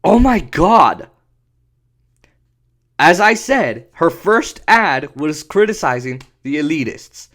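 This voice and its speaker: A man's voice: a little high, sing-song, slow, long pauses, a bit bright. Sarcastic, swearing podcast host man. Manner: profane, sarcastic, laughing rant. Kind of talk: ranting commentary.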